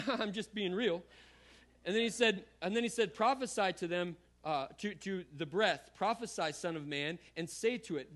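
A male pastor in the middle of a sermon, reading scripture aloud and breaking off to talk straight to his listeners. His voice sits a little high for a man. He repeats words and throws in casual asides as he goes. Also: moderate pace. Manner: animated preacher, repeats words, conversational asides.

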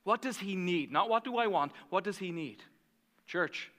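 A man preaching a sermon as pastor, telling stories animatedly and swinging from hushed asides to fired-up passion. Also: high-pitched, expressive, moderate pace, big-room sound.

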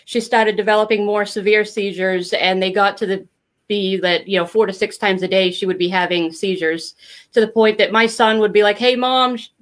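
A woman's voice: mid-range voice, moderate pace. Middle-aged woman, interview guest, candid, rambling, acts out quotes. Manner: candid, rambling, animated when quoting others. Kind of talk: casual storytelling.

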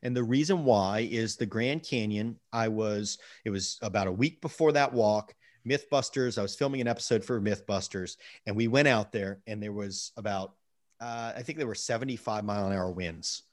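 A middle-aged man with a fairly low voice tells a personal story in relaxed interview talk. He gets animated as the story builds and stumbles over repeated words when excited. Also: moderate pace. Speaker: guest. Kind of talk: casual storytelling.

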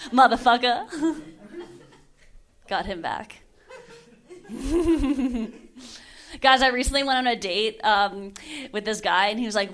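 A young woman in her twenties performing a stand-up comedy set on a club stage, delivering deadpan lines and often laughing at her own jokes. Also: a little high, slow pace, long pauses.

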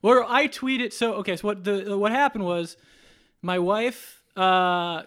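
A man's voice: sits high, unhurried, fairly bright tone. A man hosting a podcast in casual chat, upbeat and laughing as he tells stories. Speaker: podcast host.

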